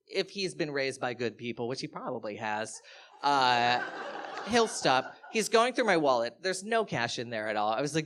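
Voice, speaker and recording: A man performs a stand-up set to a live crowd, talking into a handheld stage mic. He tells a story in a loose, animated way, with his pitch leaping as he acts out what other people said. His voice sits at an ordinary middle pitch. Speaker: stand-up comedian. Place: live comedy venue, audience laughter.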